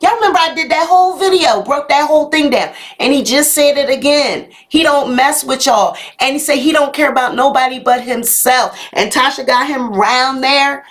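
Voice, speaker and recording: This YouTube live host runs a gossip commentary show, answering viewer comments with sass and addressing them directly as "honey" and "y'all." She has a high-pitched, fairly bright voice and keeps a moderate pace with hardly any pauses.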